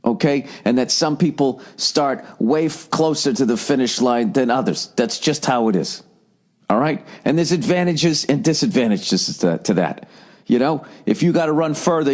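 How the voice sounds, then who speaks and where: A man in his forties with a Boston accent, hosting a solo comedy podcast and ranting in a profane, sardonic, animated way. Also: medium pitch, moderate pace. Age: 40s. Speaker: podcast host.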